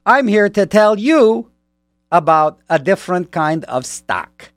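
A man's voice: sits high, sing-song, slow pace, no echo, studio quality, exaggerated voice. A man doing a goofy, dim-witted cartoon moose voice while reading an ad.

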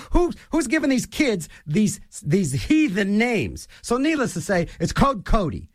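A man delivering a comedic rant, rambling and animated, full of restarts and mock voices. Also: high-pitched, a little slow, few pauses.

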